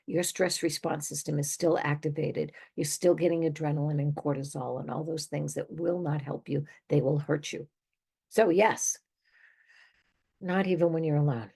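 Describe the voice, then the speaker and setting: Older lady therapist talking straight at you, low husky voice, punchy and chatty. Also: warm tone. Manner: emphatic, conversational, given to little laughs. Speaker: therapist and show host. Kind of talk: direct-to-listener advice monologue.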